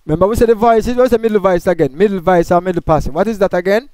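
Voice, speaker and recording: A man's voice: high-pitched, very fast, a little mellow, no echo. A man teaching a Bible study, explaining grammar point by point and asking questions that he answers himself.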